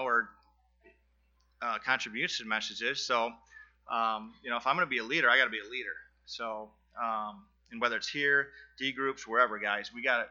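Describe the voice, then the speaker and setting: A man's voice: mid-range voice, sharp tone, dull audio. Nervous man giving a church testimony. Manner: halting, many fillers and restarts, earnest. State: nervous, sweating. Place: church, in front of a congregation.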